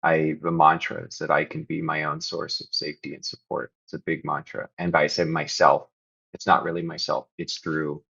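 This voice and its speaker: A man's voice: rumbling low, flat delivery, moderate pace, vocal fry, a bit bright, slightly rough, dull audio. A man speaking as a podcast guest, sharing candidly and earnestly, reflective and sometimes rising to emphatic bursts. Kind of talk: candid confessional conversation.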